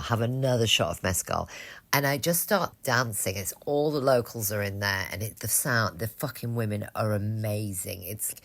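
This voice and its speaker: Woman with a really low voice, podcast co-host, rambly and sweary, casual chat. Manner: frank, swears often, rambling with restarts.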